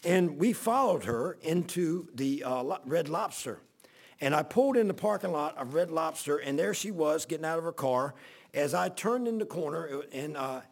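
Gravelly, husky-voiced preacher man. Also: a little high, darkish tone. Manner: folksy, rambling anecdotal preaching. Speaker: pastor. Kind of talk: sermon storytelling.

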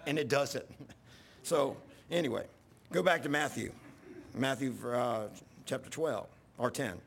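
A male pastor preaching a sermon in a church, telling folksy stories and rising to yelling when worked up. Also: mid-range voice, measured pace, vocal fry, pauses often. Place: church sanctuary.

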